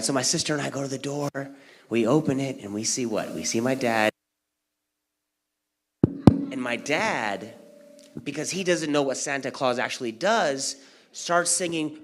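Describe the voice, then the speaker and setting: Animated male stand-up comic. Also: unhurried, pauses often. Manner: animated storytelling, acting out family members, big pitch jumps. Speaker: stand-up comedian. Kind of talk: stand-up comedy set. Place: community center event hall.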